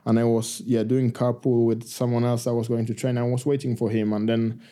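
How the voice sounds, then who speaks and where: A man, a rugby player telling stories as a guest in a casual interview, halting and full of restarts. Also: medium pitch. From Argentina. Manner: halting, many restarts and fillers, relaxed.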